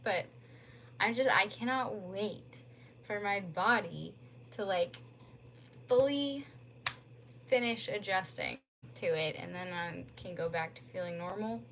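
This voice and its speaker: Young female streamer, casual home chat into her phone, unhurried delivery, light background noise. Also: mid-range voice, a bit bright. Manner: rambling, lots of "like" fillers.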